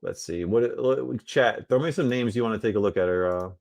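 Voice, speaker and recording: A man's voice: on the low side, brisk, creaky, a little mellow, no echo, studio quality. A man hosting a casual livestream chat, laid-back and teasing with crude banter. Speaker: host.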